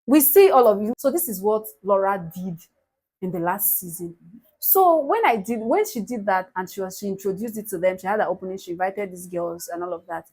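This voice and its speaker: A Nigerian woman recapping a reality show in casual, animated gossip, laughing often. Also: mid-range voice, a little fast, breathy edge. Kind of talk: casual chat.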